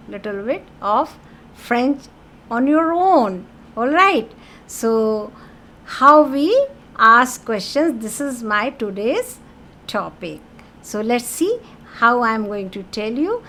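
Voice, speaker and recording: A woman teaching a French grammar lesson, speaking very slowly and patiently in a slightly high voice. She repeats key terms and drops French phrases into her English explanations. A faint ambient hum sits under her voice. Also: a bit bright.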